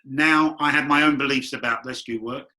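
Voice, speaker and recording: Bright-voiced man telling stories. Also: mid-range voice, fairly even intonation, moderate pace. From London. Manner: chatty, rambling anecdotes with acted quotes. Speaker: guest medium. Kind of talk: candid storytelling interview.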